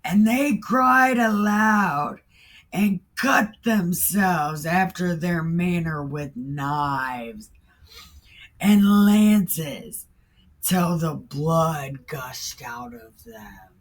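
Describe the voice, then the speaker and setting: A woman's voice: on the low side, drawn-out words. A woman reading a Bible story aloud in a casual way, breaking in with irreverent, profane asides. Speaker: host reading scripture.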